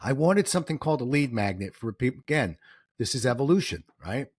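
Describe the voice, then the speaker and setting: Animated middle-aged man telling stories. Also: mid-range voice, fast talker, slightly rough, no echo, studio quality. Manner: animated, acts out quoted voices, gets emotional. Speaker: guest, author and speaker. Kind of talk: storytelling interview answers.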